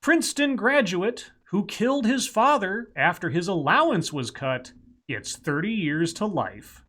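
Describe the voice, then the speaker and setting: A man's voice: high voice, big pitch swings, a little slow, a bit bright. A man co-hosting a casual talk show, reading news stories aloud and adding wry asides. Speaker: podcast co-host reading news.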